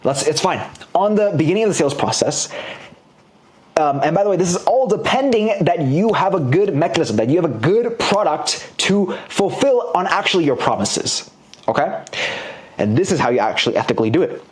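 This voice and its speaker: A man coaching viewers in an animated, playful motivational sales lesson, talking straight to the viewer. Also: fairly high pitch, brisk. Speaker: business coach.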